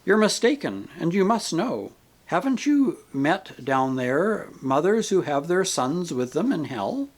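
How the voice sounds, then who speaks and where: A man voicing a gentle, patient male spirit who speaks calmly and kindly, reasoning with a grieving soul in an audiobook. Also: fairly high pitch, a little slow. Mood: earnest, firm. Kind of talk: audiobook character reading.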